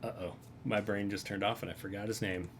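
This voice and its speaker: A man's voice: lowish voice, fairly even intonation, brisk, a bit bright, a little hiss or hum. A man casually narrating as game master of a tabletop game, rambling with frequent fillers.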